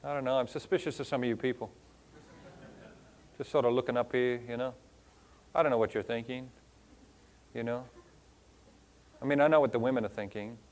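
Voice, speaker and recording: A man's voice: mid-range voice, fairly even intonation, a little fast, long pauses, a little mellow. A man with a foreign accent giving a motivational keynote to a live audience, firing off rhetorical questions and lists of words, with playful teasing. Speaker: motivational speaker. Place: stage before a live audience.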